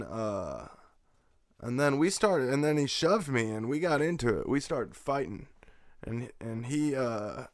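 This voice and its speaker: A young man with a gravelly, fry-edged voice tells a rambling personal story full of swearing. His delivery is casual and unpolished, sitting at an ordinary pitch. The sound is dry, with no room around it. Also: no room sound. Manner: profane, rambling anecdote with laughs.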